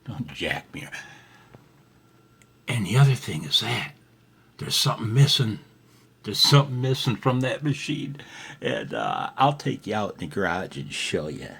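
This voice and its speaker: Deep, slow-talking husky man. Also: very animated, a bit bright. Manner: laid-back, says "man" often, laughs easily. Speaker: ham radio vlogger. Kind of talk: casual vlog chat. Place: home garage.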